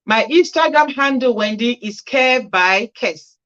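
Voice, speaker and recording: A care worker hosting a casual livestream, reading out viewer comments and answering each with chatty, practical advice. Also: female voice, on the high side, animated, measured pace, a bit bright, highs cut off.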